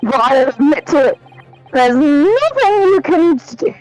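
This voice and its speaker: Woman doing an unhinged male villain, slow menacing drawl, high swooping voice. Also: very animated, darkish tone, faint music behind, low-quality recording.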